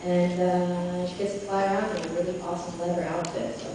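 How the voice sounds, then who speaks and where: A woman's voice: lowish voice, flat delivery, fairly quick, background noise. Chatty young woman in an echoing hall. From Israel. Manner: chatty, laughing, hesitant restarts. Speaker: convention panel guest. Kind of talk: casual Q&A answers. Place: large convention hall. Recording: echoey hall taped from far off.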